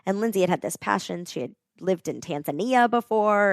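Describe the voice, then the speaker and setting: Woman, low voice, gravelly fry, dry close sound, earnest storytelling, casual fillers. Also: normal speed, no echo. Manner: animated, earnest, frequent "like" fillers. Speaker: podcast guest, nonprofit co-founder. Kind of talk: heartfelt storytelling in conversation.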